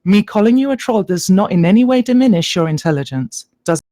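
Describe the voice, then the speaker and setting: A woman spars on a voice chat, keeping a mocking, patronizing calm. Her pitch swoops widely as she needles him. The sound is dry and close. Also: fairly quick, no room sound. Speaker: participant in a voice chat argument. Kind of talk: heated voice chat argument.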